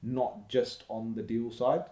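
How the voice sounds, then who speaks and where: A man with a London-area English accent talks with emphatic, upbeat conviction, as if coaching listeners. His voice sits at an ordinary middle pitch. The room rings back with a noticeable echo. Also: level tone, slow pace, dark tone. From Slough, England. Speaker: guest, property investor. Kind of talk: casual podcast conversation. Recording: roomy echoey room.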